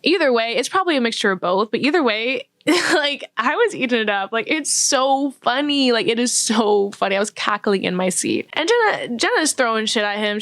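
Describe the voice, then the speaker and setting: A woman's voice: fairly high pitch, a bit bright, dry recording. A young woman vlogger chatting casually about a film, saying "like" often and acting out lines. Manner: chatty, says "like" often, acts out quotes. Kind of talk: casual chat.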